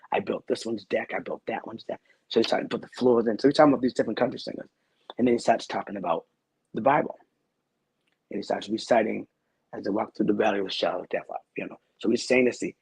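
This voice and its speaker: A man's voice: lowish voice, gravelly, a little mellow, husky, dry recording, low-quality recording. A man who is a guest on a talk show, telling a personal story in a rambling, earnest way and repeating his phrases.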